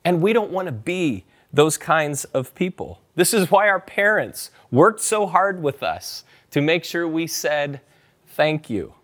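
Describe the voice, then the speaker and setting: A man's voice: fairly high pitch, expressive, unhurried, hardly any pauses, fairly bright tone. A man preaching a sermon as pastor, talking conversationally and urging his listeners to join in and repeat scripture aloud. He is a parent. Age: adult parent.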